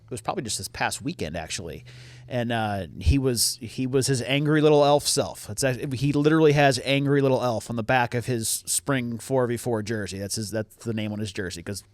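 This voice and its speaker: A middle-aged man co-hosting a podcast tells a family story in a candid, self-mocking way, with easy swearing. His voice sits at an ordinary pitch for a man. The sound is dry, with no room echo. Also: a little fast. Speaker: podcast co-host. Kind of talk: casual storytelling chat.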